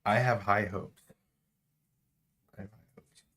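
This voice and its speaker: A man's voice: lowish voice, fairly even intonation, slow, fairly bright tone. A man streaming casually at home, chatting through a food tasting and dropping in Spanish words.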